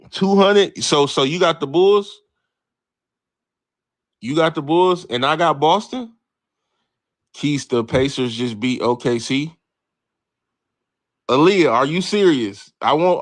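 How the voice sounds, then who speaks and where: A man's voice: a little high, no echo. A man hosting a late-night sports livestream, bantering with his chat in a brash, profane way and cursing freely. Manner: brash, animated, reads and answers chat, swears freely. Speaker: livestream host. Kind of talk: casual profane sports talk to live chat.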